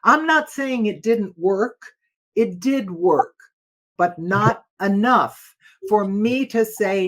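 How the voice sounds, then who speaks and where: An older woman, a former opera singer, telling stories as a guest in a casual interview, expressive and quick to laugh. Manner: expressive, laughs often, dramatic shifts in pitch and loudness.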